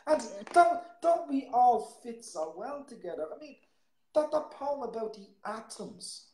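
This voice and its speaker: A man's voice: very high voice, sing-song, a little slow, a little mellow. A man hosts a live poetry show, talking casually and at length. He rambles, stumbling over and repeating his words as he goes. The sound is roomy, with a noticeable echo. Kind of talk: casual live-stream chat.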